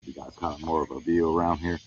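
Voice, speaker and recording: Man, very low voice, laid-back rambling livestream chat, outdoors at night, muffled phone audio, faint hiss and crickets. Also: fairly even intonation, fast talker. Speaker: paranormal livestream host. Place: wooded horse camp outdoors at night.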